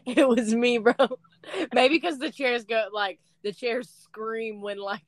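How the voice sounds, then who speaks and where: A woman's voice: fairly high pitch, steady tone, slow pace, no echo. A young adult woman co-hosting a podcast, who talks in slangy, profane casual chat and laughs often. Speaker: podcast co-host.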